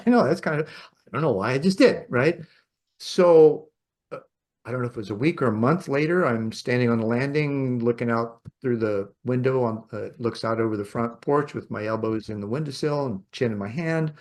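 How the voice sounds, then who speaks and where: A man hosting a podcast, telling a personal story in a rambling, reflective way with soft laughs. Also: mid-range voice. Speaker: podcast host. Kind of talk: reflective storytelling in casual conversation.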